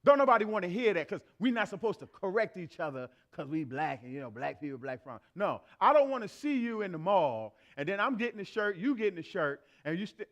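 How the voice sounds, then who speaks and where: High-voiced man preaching a sermon. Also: sing-song, brisk, few pauses, fairly bright tone. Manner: emphatic, repeats phrases for effect; conversational, acts out everyday exchanges. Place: church in front of a congregation.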